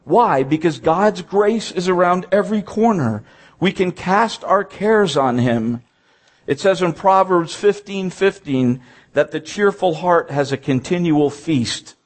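A man's voice: high-pitched, animated, a little slow. A man preaching a sermon, reading scripture aloud and stressing points by repeating them.

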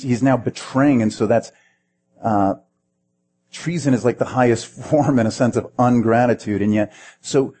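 Husky, mellow man preaching. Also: mid-range voice. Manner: conversational, asks the listeners questions, repeats words when restarting. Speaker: pastor. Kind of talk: sermon.

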